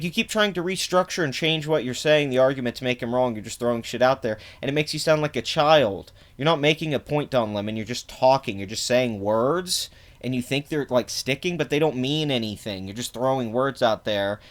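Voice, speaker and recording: A young man hosting a reaction video, ranting angrily and profanely about a clip, with frequent fillers. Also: mid-range voice. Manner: angry, profane, fast-talking rant with frequent fillers. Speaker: political commentary video host. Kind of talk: reaction rant.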